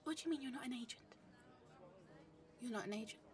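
A woman doing a comedic spy role-play monologue, flustered, swinging between loud romantic gushing and hushed whispers. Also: on the high side, fast talker, far from the mic. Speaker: narrator playing a spy to the listener.

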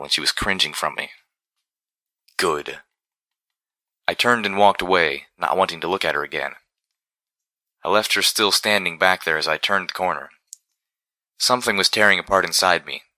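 Low-voiced man reading a fantasy audiobook, crisp sharp tone, dry close sound. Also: dry recording. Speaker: audiobook narrator. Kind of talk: first-person fiction narration.

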